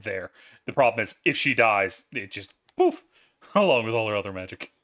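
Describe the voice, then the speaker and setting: A man running a tabletop game as game master, casual and quick to laugh and swear. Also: fairly low pitch, big pitch swings, fairly bright tone.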